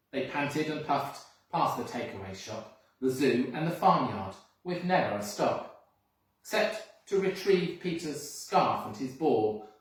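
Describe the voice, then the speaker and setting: A school reader reading a picture book aloud with expressive, sing-song storytelling, recorded from a distance in an echoey room. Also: mid-range voice. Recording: echoey room, mic far off.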